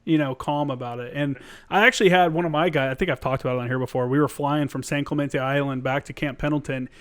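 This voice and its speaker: A man's voice: medium pitch, fairly even intonation, fast talker, fairly bright tone, clear, resonant tone. A man hosting a podcast, a former Marine telling his own story in a casual, profane way.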